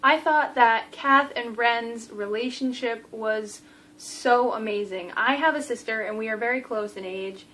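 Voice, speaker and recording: Young woman, book review vlog, gushing, animated, slightly high voice. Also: a little slow, a little hiss or hum, low-quality recording. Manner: gushing and animated, acts out character lines.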